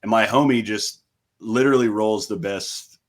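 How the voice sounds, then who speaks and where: Laid-back low-voiced young man telling stories. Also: moderate pace. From United States. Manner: laid-back, swears freely, acts out quotes. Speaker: guest, metal band frontman. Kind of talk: casual storytelling chat.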